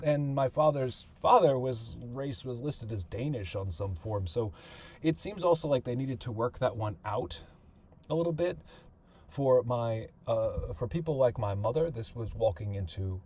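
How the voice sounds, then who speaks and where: A man's voice: mid-range voice, darkish tone, slightly rough. A middle-aged man narrating his family's history in a conversational way, thinking aloud with fillers and restarts. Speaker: podcast host and author.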